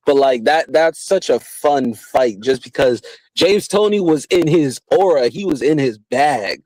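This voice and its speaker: A man hosting a podcast in casual chat, getting animated when he describes fights. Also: medium pitch, unhurried, dry recording, low-quality recording. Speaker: podcast host.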